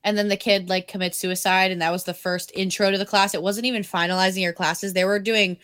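A woman's voice: medium pitch, fairly quick. A woman co-hosting a podcast, chatting casually and retelling scenes with lots of swearing. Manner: animated storytelling, swears freely, acts out quotes. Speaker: podcast co-host. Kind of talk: casual chat recapping an anime.

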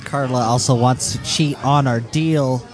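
A man's voice: medium pitch, fairly even intonation, measured pace, soft background music. A man co-hosting a podcast, chiming in with dry wisecracks in casual banter. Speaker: podcast co-host.

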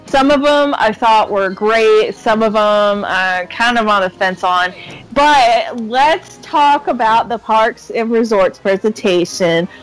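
A woman's voice: a little high, low-quality recording. Upbeat woman hosting a podcast. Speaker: podcast host. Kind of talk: casual podcast chat.

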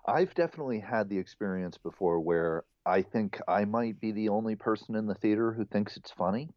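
A man co-hosting a podcast, chatting casually and relaxed, mostly agreeing in short replies. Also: fairly low pitch, a little fast, no room sound, muffled recording. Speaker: podcast co-host. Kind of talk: casual chat.

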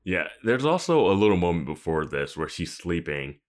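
A man's voice: sits low, very animated, moderate pace. A man chatting casually as a podcast co-host, laid-back and often laughing while he quotes characters. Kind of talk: casual TV recap chat.

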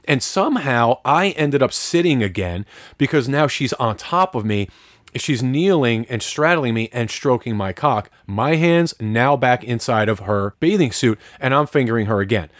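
Male co-host, swears freely, worked-up storytelling, mid pitch, dry recording. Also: moderate pace, no echo. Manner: profane, excitable storytelling. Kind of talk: casual storytelling chat.

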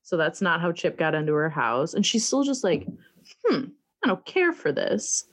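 A woman's voice: on the low side, sing-song, normal speed. A woman in casual chat about a movie, laughing easily and making wry quips.

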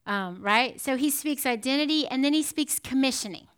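A woman giving a sermon in a conversational, animated storytelling manner, often checking in with the listeners. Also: high voice, moderate pace, smooth. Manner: animated storytelling with frequent "right?" asides. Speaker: preacher.

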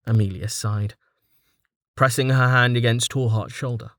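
A man narrating a fantasy audiobook in a steady, even storytelling manner. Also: medium pitch, normal speed, no echo, clean studio sound.

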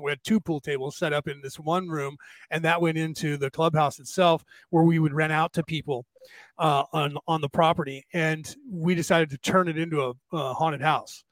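Male host, high voice, dry close sound, animated storyteller who plays out the quotes. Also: no room sound. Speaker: podcast host. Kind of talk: casual storytelling conversation.

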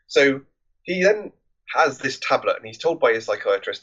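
A man's voice: medium pitch, sing-song, normal speed, a bit bright, muffled recording. A man hosting a film podcast, recapping a movie plot in a loose, rambling, conversational way.

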